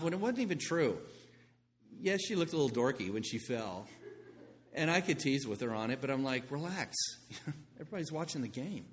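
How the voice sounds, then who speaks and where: A middle-aged man preaching a sermon as pastor, telling stories with lively asides and a conversational manner. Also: on the high side. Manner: animated storytelling, conversational asides. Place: church sanctuary. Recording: long reverb in a large room.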